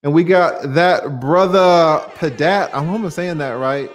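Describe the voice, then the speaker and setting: A man's voice: a little high, a little slow, hardly any pauses. A man hosting a livestream, talking emphatically to viewers, firing off rhetorical questions and casual swearing while he answers their comments.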